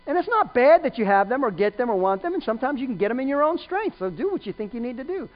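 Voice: high-pitched, very animated, fast talker. A preacher giving a sermon, emphatic, repeating key lines and quizzing the listeners, in a dull lo-fi recording.

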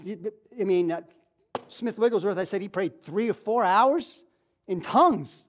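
A woman preacher delivering a sermon with passion. She repeats key phrases, swings from loud, emphatic cries to low, hushed asides. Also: lively intonation, unhurried, a little hiss or hum.

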